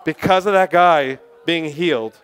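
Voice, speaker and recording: A man with a high voice preaching to a group, telling testimony stories in a passionate, excitable way. He rambles and restarts, then surges into loud, fired-up bursts. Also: a little slow, smooth, soft background music. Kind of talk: sermon testimony storytelling.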